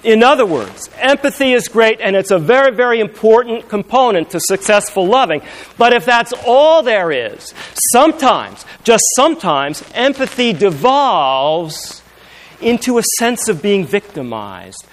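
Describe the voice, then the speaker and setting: A man preaching a sermon, moving between loud, emphatic passages and hushed, intimate storytelling. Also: high-pitched, sing-song, measured pace.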